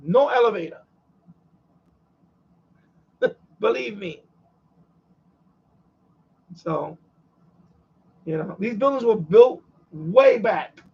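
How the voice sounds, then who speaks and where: A man's voice: high voice, expressive, drawn-out words, vocal fry, long pauses, slightly rough, highs cut off. A man with a New York accent chatting casually and repetitively on his radio hobby live stream. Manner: repetitive, conversational, chuckles often. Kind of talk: casual rambling chat.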